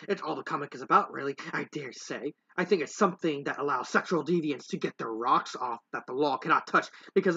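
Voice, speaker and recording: A man voicing a prim female pony crusader, haughty, dramatic, bright edgy tone, dull lo-fi sound. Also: on the high side, gravelly, breathy edge, exaggerated voice.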